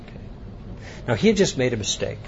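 A man giving a conference lecture, telling an anecdote in an animated storytelling way. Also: mid-range voice, a little fast, gravelly, highs cut off, a little hiss or hum. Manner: animated storytelling, acting out both sides of a dialogue. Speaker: speaker at a conference.

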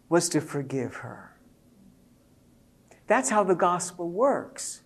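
A man's voice: high-pitched, slow. A man preaching a sermon to a congregation, telling a family story and building to emphatic points. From Jewish believer speaking to a congregation. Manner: storytelling, animated, rising to emphatic peaks.

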